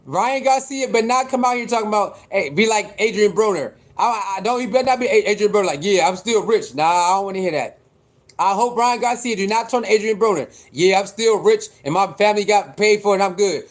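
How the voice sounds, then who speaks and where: Male livestream host, higher voice, casual slangy rambling talk. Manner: chatty, repetitive, reacting to boxing news with slang.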